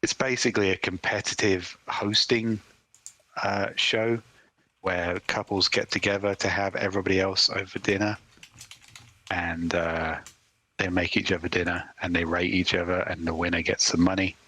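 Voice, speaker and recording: Guy on a podcast, deep but bright voice, rambly and wry, lots of ums. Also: little pitch movement, moderate pace, no room sound, rough recording. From England. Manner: wry, rambling, hesitant with fillers. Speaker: podcast co-host. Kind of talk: casual chat.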